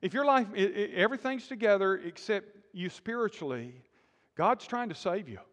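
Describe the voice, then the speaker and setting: A man preaching a sermon in a lively call-and-response style, with sudden loud bursts. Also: high voice, normal speed. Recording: long hall reverb.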